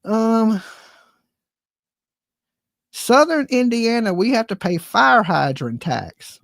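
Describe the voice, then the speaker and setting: Fed-up woman host, swearing and rambling, voice a bit high, jumps all over in pitch. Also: sing-song, slow pace, long pauses, no echo. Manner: profane, exasperated, rambling with restarts. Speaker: livestream host. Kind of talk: casual ranting chat. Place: home.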